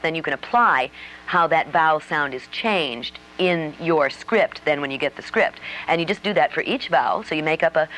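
Woman dialect coach, low voice, explanatory and unhurried, a faint hum behind. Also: a bit bright, low-quality recording. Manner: explanatory, demonstrates sample sentences, frequent fillers. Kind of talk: instructional talk on accents.

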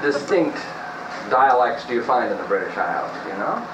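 A man from New Jersey explaining accents in a relaxed, hesitant way with many fillers. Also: medium pitch, normal speed, background noise. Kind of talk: interview and instruction. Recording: distant, roomy, dull lo-fi mic.

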